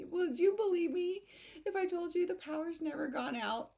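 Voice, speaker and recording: A woman's voice: very high voice, lively intonation, moderate pace, gravelly, dark tone. A woman from the United States hosting a livestream, chatting casually and reading out comments, giggly and self-deprecating. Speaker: writing livestream host.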